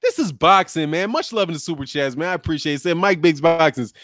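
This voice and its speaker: Sarcastic, lively male boxing commentator. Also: a little high, fast, hardly any pauses, dry recording, studio quality. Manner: mocking, sarcastic, laughing often. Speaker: boxing commentary channel host. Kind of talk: casual reaction commentary.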